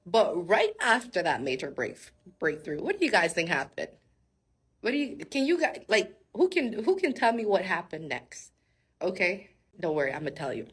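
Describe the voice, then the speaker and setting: A woman giving a casual, animated Bible-story sermon. She laughs often and talks straight to her viewers. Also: fairly low pitch, breathy edge. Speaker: faith speaker.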